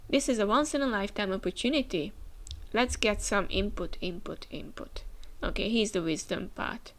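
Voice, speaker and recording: Reading manga panels out loud and reacting as she goes, a woman chats casually, often using fillers and restarting her sentences. Her voice is medium-pitched and a bit bright, at a normal speed.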